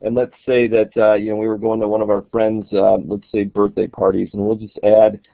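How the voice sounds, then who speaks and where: A man's voice: fairly low pitch, monotone, brisk, vocal fry, no echo. A man giving a casual, explanatory walkthrough of an app in a screen-recorded tutorial, thinking aloud as he demonstrates. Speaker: app reviewer. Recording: tinny, dry, phone-like audio.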